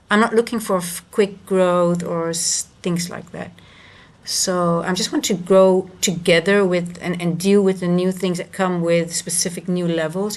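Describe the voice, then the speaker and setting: Woman, live-stream trader, low gravelly voice, halting, restarts. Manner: rambling, halting, many restarts and fillers. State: moved and emotional. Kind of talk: casual live-stream chat.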